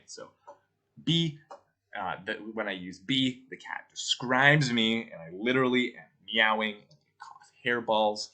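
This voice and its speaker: A man's voice: on the low side, sharp tone. A male teacher giving a recorded grammar lesson, explaining patiently step by step and often checking in with the listener.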